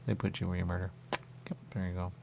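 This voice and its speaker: A man's voice: sits low, monotone, quick pace, gravelly, a little hiss or hum. A man hosting a radio talk show in a meandering, repetitive, stream-of-consciousness monologue. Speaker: radio host. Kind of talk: rambling monologue.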